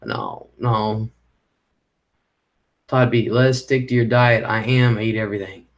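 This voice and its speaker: On a casual live stream, a middle-aged man reads viewer comments and rambles in conversation, swearing when he's annoyed. His medium-pitched voice is fairly even in intonation and a little fast.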